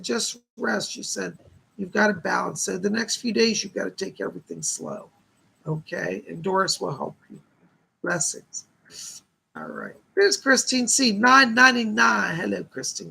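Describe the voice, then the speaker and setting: A man's voice: high voice, gravelly, bright, forceful tone, husky. A man hosting a live stream, giving psychic readings in a chatty, reassuring way and passing on messages from spirits. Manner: chatty, relays spirit messages and reads viewer questions aloud. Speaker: psychic medium host.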